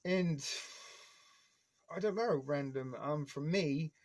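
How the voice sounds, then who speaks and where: A man's voice: on the high side, takes it slowly, a little mellow. A man in his forties streaming live, rambling casually with heavy swearing and nostalgic fan enthusiasm.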